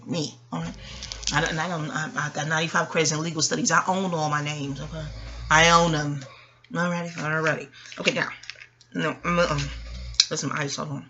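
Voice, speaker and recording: A woman's voice: sits low, fairly even intonation, fairly quick, sharp tone, muffled recording. A woman giving a casual, rambling review of a reality TV episode, chatty and profane, with frequent asides to the listener. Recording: faint background noise.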